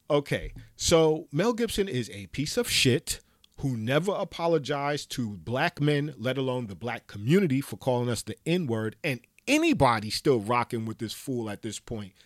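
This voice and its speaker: A man's voice: medium pitch, dry recording, clean studio sound. A man giving an impassioned, profane solo commentary, talking emphatically and ranting. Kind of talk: impassioned monologue.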